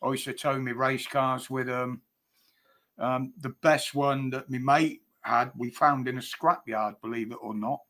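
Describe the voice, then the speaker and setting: A man chatting on a live stream, speaking calmly and matter-of-factly. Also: mid-range voice, measured pace. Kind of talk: casual chat.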